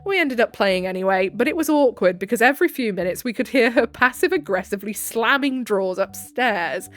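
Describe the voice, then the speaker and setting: A woman with a fairly high, somewhat bright voice talks fairly quickly and animatedly. As a story narrator, she reads online stories aloud, interrupting with sarcastic asides and laughing often.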